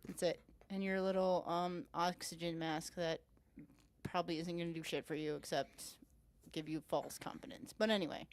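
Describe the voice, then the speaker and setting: A woman co-hosting a casual podcast chat, telling a rambling, animated story with frequent swearing and laughs. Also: lowish voice, normal speed. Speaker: podcast co-host.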